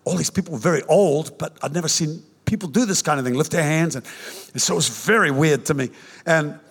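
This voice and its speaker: An older man preaching a sermon, telling his own conversion story in an animated, joking way with many restarts. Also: fairly high pitch, brisk, husky. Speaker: pastor. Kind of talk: sermon with personal testimony. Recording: reverberant hall.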